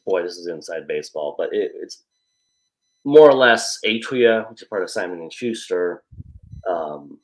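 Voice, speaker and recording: A man talking as a guest author in casual chat, thinking aloud with frequent restarts. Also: low-pitched.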